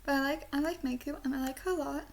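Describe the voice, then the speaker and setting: High-voiced giggly woman rambling. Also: fairly even intonation, fast talker, slight background noise. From Southern United States. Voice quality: speech impediment that she says sounds British. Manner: chatty and giggly, with many "like" fillers and soft whispered asides. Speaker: video reviewer. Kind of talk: casual rambling review.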